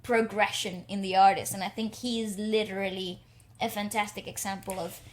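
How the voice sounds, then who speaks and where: A woman co-hosting a podcast, chatting casually and reacting excitedly while music videos play. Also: mid-range voice, normal speed. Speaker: podcast co-host. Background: faint music from videos.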